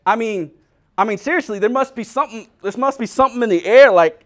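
A man's voice: high-pitched, quick pace. A middle-aged man preaching a humorous sermon, joking and acting out little scenes. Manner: animated, jokey, acts out little scenes. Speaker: pastor.

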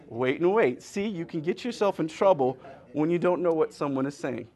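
A man with a fairly high voice delivers a lighthearted sermon. He is middle-aged and animated, jumping between jokes and stories built on wordplay. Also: moderate pace. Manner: animated storytelling with playful wordplay. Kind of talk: humorous sermon.

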